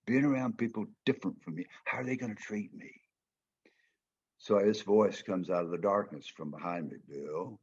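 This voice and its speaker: A man's voice: lowish voice, normal speed, a little mellow, husky, lo-fi sound. An older man with a Southern American accent, from Georgia, telling stories in a folksy, emphatic way as a guest speaker. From Georgia, United States. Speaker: former football player and coach, guest speaker. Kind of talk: storytelling talk.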